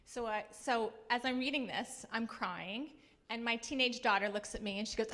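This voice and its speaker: A woman's voice: fairly high pitch, moderate pace, a bit bright. A middle-aged woman from Kansas giving an earnest acceptance speech, telling stories with touches of humor. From Kansas, US Midwest. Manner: earnest storytelling with light humor.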